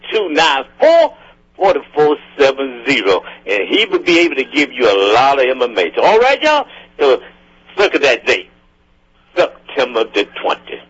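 A man's voice: fairly high pitch, fairly bright tone, breathy edge. A man hosting a gospel radio show, talking in a folksy, casual way and calling out to his listeners. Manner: folksy, addresses listeners as y'all. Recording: dull lo-fi radio broadcast.

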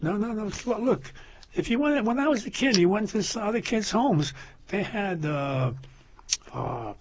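A man's voice: sits high, animated, a little slow, a little hiss or hum. An older man in casual chat, rambling through stories with many restarts and laughing at his own jokes. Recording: dull lo-fi sound.

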